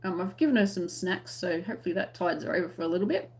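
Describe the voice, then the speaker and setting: This Australian crochet channel host has a lowish, darkish voice and talks fast. During her live stream she chats casually and reads viewer comments, friendly and quick to laugh.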